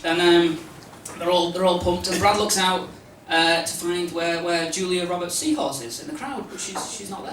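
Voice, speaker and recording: Comic stammering through a roomy live set. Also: male voice, sits high. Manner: rambling, hesitant, full of stammered restarts and deadpan asides. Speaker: stand-up comedian. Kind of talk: stand-up comedy routine. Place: comedy club stage with a live audience. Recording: roomy live club recording from a distance, noisy.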